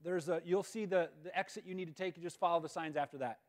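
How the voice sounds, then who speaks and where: A man quoting his girlfriend from a story, a calm young woman gently coaxing him. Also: fairly high pitch, fast talker, long reverb tail, natural voice.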